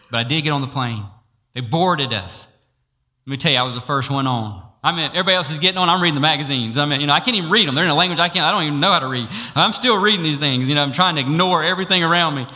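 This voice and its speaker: A man preaching a sermon, telling a personal story and acting out each exchange with frequent laughter. His voice is bright and forceful. It rings through a large hall with a long echo. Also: a little high, fairly quick. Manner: storytelling, acts out dialogue, laughs often.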